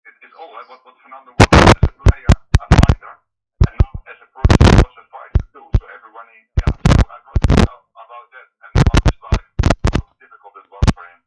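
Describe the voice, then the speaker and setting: A man's voice: brisk, heavy background noise. A Dutch man, a guest author, speaking English as a second language hesitantly with many fillers. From Netherlands. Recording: distant tinny phone line.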